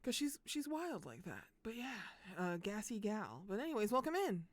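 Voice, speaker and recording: A young adult woman streaming games live, chatting casually with viewers, bubbly and quick to swear and laugh. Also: medium pitch, very animated, no room sound. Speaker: game streamer.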